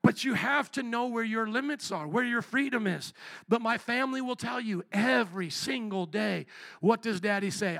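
A male pastor preaching a sermon, telling stories in an animated way and acting out quotes. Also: high voice, moderate pace, gravelly, no room sound. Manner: animated storytelling, acts out quotes.

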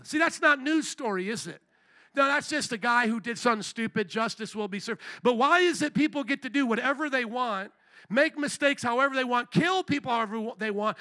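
High, bright-voiced preaching man. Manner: impassioned, rhetorical questions to the congregation. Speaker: pastor. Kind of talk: sermon.

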